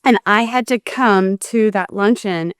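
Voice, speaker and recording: A woman's voice: medium pitch, a little slow, smooth, dry recording, clean studio sound. A woman co-host chatting on a talk show, emotional and rambling as she cuts herself off and restarts her sentences. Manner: emotional, rambling, self-interrupting. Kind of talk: conversational chat.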